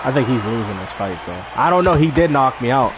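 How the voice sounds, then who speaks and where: A man's voice: mid-range voice, animated, fairly quick, background noise. A man streaming a game while talking casually to his chat, preachy and emphatic. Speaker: gaming streamer. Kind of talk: casual livestream talk.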